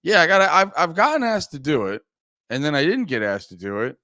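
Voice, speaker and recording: A man's voice: a little high, sing-song, fairly quick, bright, forceful tone, no room sound. Male podcast host, groggy, rambling and profane, reads chat aloud, dry close sound. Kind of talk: casual livestream chat.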